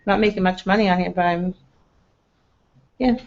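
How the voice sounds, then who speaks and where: A woman's voice: fairly low pitch, fairly even intonation, normal speed, background noise. Chatty rambling woman streaming to viewers. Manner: rambling, laughs often, many "like" fillers. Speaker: livestream host. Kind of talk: casual chat with viewers. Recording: slightly dull lo-fi webcam audio.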